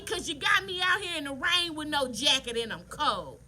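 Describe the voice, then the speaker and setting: A woman, telling a story casually to viewers while doing her nails, animated and preachy. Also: sits high, normal speed. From Southern United States. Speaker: nail artist vlogger.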